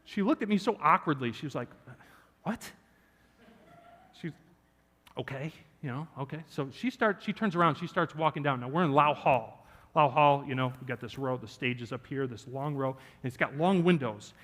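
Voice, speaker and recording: In a sermon recorded with church hall reverb, a man of medium pitch speaks fairly quickly. He's animated, telling a personal story and joking with the congregation in the sanctuary.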